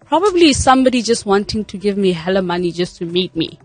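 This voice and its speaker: A woman's voice: medium pitch, sing-song, fast, no echo, soft background music. A South African woman speaking candidly as a guest on a radio interview, laughing often. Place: radio studio.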